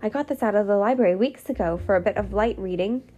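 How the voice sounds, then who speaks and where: A woman's voice: mid-range voice, fast talker, mellow, lo-fi sound, faint music behind, close to an everyday voice. A woman reading aloud and voicing an eager, bossy young schoolgirl witch, urgent and insistent. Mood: excited.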